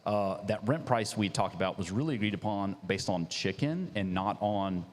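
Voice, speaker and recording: Casting: lower-pitched male founder, excitable storyteller, long room reverb. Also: normal speed. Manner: animated, lots of "dude" and "like". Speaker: business founder. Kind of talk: casual storytelling.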